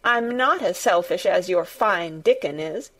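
A woman's voice: animated, measured pace, a bit bright. A woman voicing a spoiled, sickly boy who is petulant and imperious, with a sulky, sneering manner. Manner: sulky, sneering, shrill when angry.

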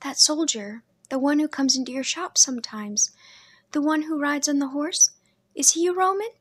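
Narrator puts on a sheltered young woman, soft-voiced and wide-eyed, lifted well above her own register; timid storybook sister. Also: high voice, moderate pace, no echo, pitched above the performer's own voice, close to an everyday voice. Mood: pleading. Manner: soft, questioning, childlike. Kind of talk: audiobook character voice.

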